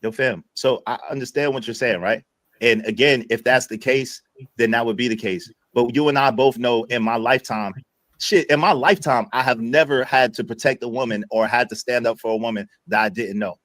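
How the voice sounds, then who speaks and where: A man's voice: medium pitch, fairly quick, a bit bright, no echo. A man in his forties hosting a podcast debate, pressing his question insistently. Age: 40s. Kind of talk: casual debate chat.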